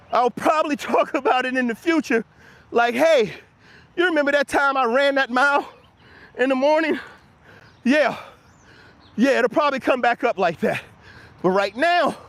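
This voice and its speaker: Breathless high-voiced man hyping his viewers. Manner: energetic, encouraging, answers viewers' comments. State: slightly out of breath from walking. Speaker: motivational livestream host. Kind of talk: live walk-and-talk motivational chat. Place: outdoors on an early-morning walk. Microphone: handheld camera while walking.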